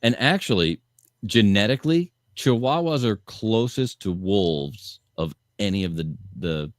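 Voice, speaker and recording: A man co-hosting a podcast, trading wry jokes and quick asides in casual banter. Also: lowish voice, lively intonation, no room sound, studio quality. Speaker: podcast co-host.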